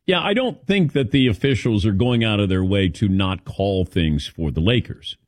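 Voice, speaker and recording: Fairly low in pitch and speaking at a normal speed, this male sports talk radio host is recorded in studio quality without room sound. He takes calls in a casual, lively chat, rambling and using many fillers.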